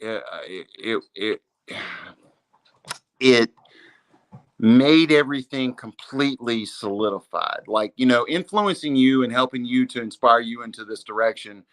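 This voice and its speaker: A man's voice: mid-range voice, measured pace. A man, a podcast guest, earnestly telling a personal story in casual speech, peppered with "dude" and "man". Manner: earnest, says "dude" and "man" often, chokes up at times. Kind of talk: emotional storytelling in a podcast conversation.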